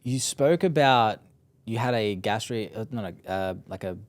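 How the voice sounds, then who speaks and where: A man with a low, smooth voice hosts the interview, recorded close and dry. He listens quietly and asks halting follow-up questions, often restarting mid-sentence. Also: no room sound. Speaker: podcast host.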